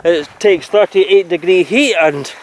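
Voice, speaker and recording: A man's voice: high voice, unhurried. A Scottish man chatting casually on a holiday vlog, rambling through his story of the day. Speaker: vlog host. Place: outdoors by a boat.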